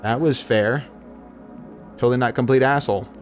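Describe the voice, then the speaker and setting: A man's voice: medium pitch, normal speed, faint music behind. A young man streaming a game with his sister, reading character lines aloud in a formal voice and joking in between with swearing and sarcastic asides. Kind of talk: casual let's-play commentary with voiced dialogue.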